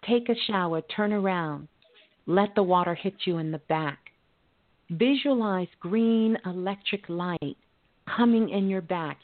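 Lady hosting a call-in spirit show, coaching, folksy, sounds like a phone line. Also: mid-range voice. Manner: calm, coaching tone with folksy, chatty asides. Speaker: radio call-in host and psychic medium. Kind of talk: call-in radio talk, spiritual advice. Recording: phone-like narrow audio.

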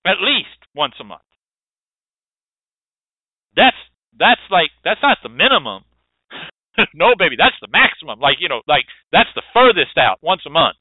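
Texan man, radio host, lively pitch, emphatic, repetitive, swearing, tinny dry phone-like sound. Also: measured pace, pauses often, no room sound. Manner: emphatic, repetitive, profane, preachy. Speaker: radio show host teaching hoodoo rootwork. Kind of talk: lecturing radio talk.

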